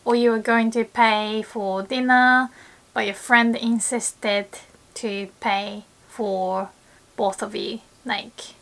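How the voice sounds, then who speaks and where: Young woman, teacher, measured delivery, playful laughs, bright acted-out quotes. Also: a little high. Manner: laughs often, acts out lively quoted lines. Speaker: Japanese language teacher. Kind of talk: online language lesson.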